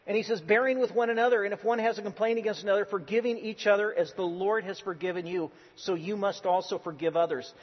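A man's voice: high voice, fast talker, hardly any pauses. A male pastor preaching a sermon in a church, earnest and emphatic, often restarting his words. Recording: dull lo-fi recording with long hall reverb.

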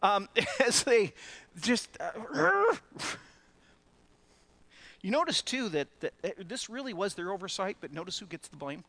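A male pastor preaching a sermon in an animated way, often laughing between phrases. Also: sits high, measured pace.

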